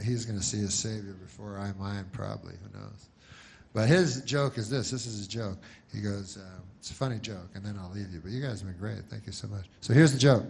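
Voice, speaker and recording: Deadpan rambling comedian, man. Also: lowish voice, creaky. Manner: deadpan, meandering, slow-burn. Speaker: stand-up comedian. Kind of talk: rambling stand-up.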